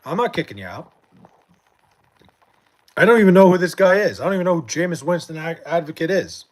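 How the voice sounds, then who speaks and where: A man's voice: fairly high pitch, lively intonation, a little fast, long pauses. A young man hosting a live stream, chatting casually about sports in a profane, rambling way with many restarts and fillers, late at night at home. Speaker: livestream host reading chat.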